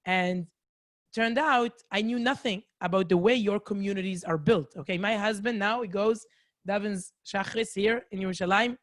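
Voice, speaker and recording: A woman from Israel speaks English with an Israeli accent, telling her story to a faraway community over a video call. She is chatty and self-mocking, full of little asides. Her voice sits at a middling pitch, and the sound is dry and close. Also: normal speed, no echo. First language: Hebrew. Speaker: guest lecturer. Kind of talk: lively storytelling talk to a community. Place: home in a city, indoors.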